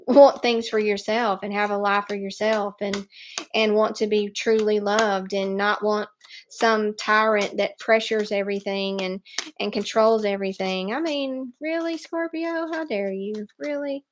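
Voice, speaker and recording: A woman giving a live tarot reading, speaking in an animated, emphatic way and laughing often. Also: medium pitch. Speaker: tarot reader.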